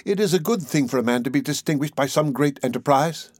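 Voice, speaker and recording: A man reading aloud voices a brave, devoted young woman from a classic novel, raising his voice and speaking softly and earnestly. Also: fairly high pitch, animated, fast talker, no echo, clean studio sound.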